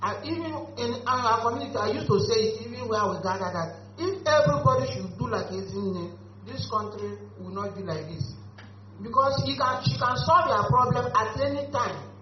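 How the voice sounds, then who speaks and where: A woman's voice: on the high side, animated, normal speed. Woman testifying earnestly, dull lo-fi sound with faint hum. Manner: earnest, emphatic, broken grammar. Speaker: beneficiary giving testimony. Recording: echoey room, dull lo-fi audio, faint hum.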